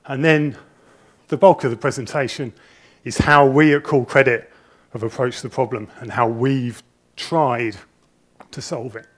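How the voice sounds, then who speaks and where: A man's voice: medium pitch, fairly even intonation, measured pace, pauses often. A middle-aged man speaking at a conference, a nervous, chatty storyteller who jokes at his own expense, on a wireless presenter mic. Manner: nervous, chatty storyteller with self-deprecating humour. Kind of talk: conference talk. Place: conference hall. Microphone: wireless presenter mic with a body pack.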